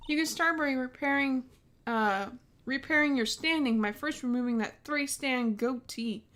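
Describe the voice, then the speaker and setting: This is a haughty young woman prosecutor from a courtroom game, voiced by a woman reading along. She speaks in a high, clipped voice and sneers at everyone around her. The tone stays imperious and cold throughout. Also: moderate pace, a bit bright. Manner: imperious, scornful.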